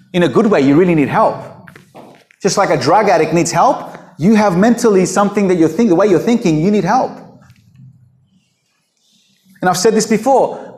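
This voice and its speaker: A man's voice: high-pitched, reverberant. A man preaching an unscripted sermon in a blunt, emphatic way, throwing out rhetorical questions.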